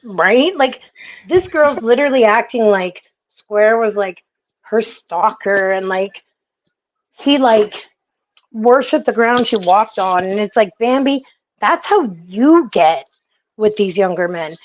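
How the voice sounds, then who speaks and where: A woman's voice: medium pitch, expressive, slow pace, lo-fi sound, slight background noise. A woman hosting a casual chat, talking bluntly and with plenty of swearing. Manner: blunt, profane, rambling.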